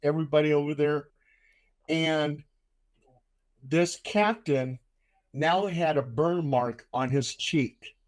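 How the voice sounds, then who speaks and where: An older man hosting a casual chat, telling a story with animation and loudly acting out the lines he quotes. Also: a little high, slow, pauses often.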